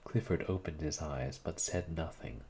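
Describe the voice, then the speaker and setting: A man reading a classic story aloud in measured, even narration. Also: a bass voice, slight background noise. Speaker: reader.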